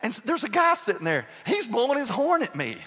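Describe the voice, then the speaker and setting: A man's voice: extremely high pitch, wildly swooping pitch, fairly quick, fairly bright tone, slightly rough. A man in his sixties preaching a sermon as pastor, telling humorous stories and quizzing the congregation. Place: church sanctuary. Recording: long reverb of a large church hall.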